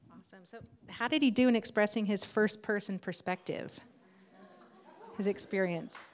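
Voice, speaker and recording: A woman's voice: medium pitch, moderate pace. A woman facilitating a workshop, giving friendly, encouraging instructions to participants.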